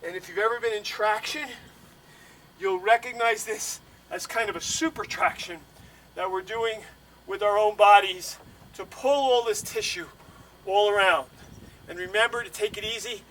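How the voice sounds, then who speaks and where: A man guiding a stretching routine step by step, calm and instructive, a little out of breath. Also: high voice, moderate pace, distant mic, poor audio. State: slightly out of breath. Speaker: bodywork instructor.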